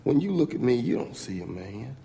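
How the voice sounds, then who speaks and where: An actor playing a defiant man on trial who confronts his own lawyer, speaking slowly and intensely in dramatic film dialogue. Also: medium pitch, very animated, vocal fry, dark tone, slight background noise. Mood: bitter accusing. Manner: slow, intense, accusing. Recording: film audio with long reverb and faint ambience.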